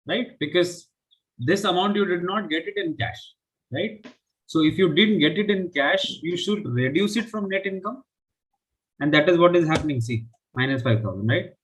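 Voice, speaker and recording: A man's voice: on the high side, expressive, moderate pace, rough recording. A man teaching a live online finance class, explaining step by step and often checking with "right?". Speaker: finance instructor.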